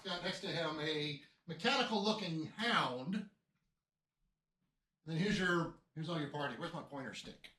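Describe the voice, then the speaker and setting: Mestre de rpg hesitante, cheio de pausas. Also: male voice, a little high, sharp tone. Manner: halting, many fillers and restarts, chuckles often. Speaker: game master. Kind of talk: narrating a tabletop game.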